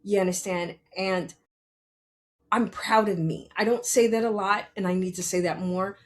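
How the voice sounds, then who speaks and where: This middle-aged woman hosts a podcast, and her mid-range voice keeps fairly even intonation at a moderate pace. In an emotional personal monologue about parenting, she speaks earnestly and tearfully, often repeating herself and asking "you understand?"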